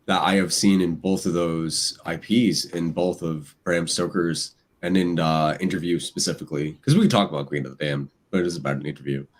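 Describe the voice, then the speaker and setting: A man with a husky, slightly breathy voice chatting as a podcast guest. He gets animated and jumps into acted-out quotes. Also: deep voice, fairly quick, hardly any pauses. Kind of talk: casual podcast chat.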